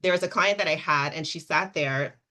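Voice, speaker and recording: A woman coach on a webinar panel who talks with excited, animated energy, explaining quickly and piling on examples. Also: low-pitched.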